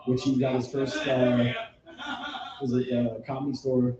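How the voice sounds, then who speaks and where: A man's voice: medium pitch, monotone, a little slow, warm tone. A laid-back man co-hosting a casual pub podcast, talking hesitantly about movies. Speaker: podcast co-host. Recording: echoey room, distant mic, dull sound.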